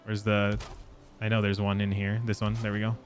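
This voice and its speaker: A man live-streaming a game, chatting casually and excitably with his viewers and swearing freely. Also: fairly low pitch, a little fast, smooth, faint music behind. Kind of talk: casual live gameplay chat.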